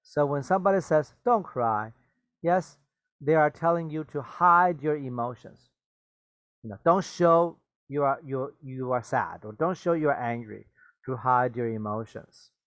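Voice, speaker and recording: At a normal speed, a man with a mid-range, fairly bright voice teaches English words in a bilingual lesson, with no room sound and a lo-fi quality. He repeats and explains terms, adds glosses, and checks understanding with "okay?" and "right?".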